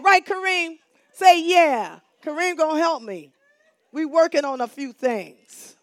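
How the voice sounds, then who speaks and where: A woman pastor preaching a sermon in call-and-response style, repeating phrases for emphasis and swinging between hushed lines and shouts. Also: high-pitched, expressive, a little slow, dry recording, studio quality.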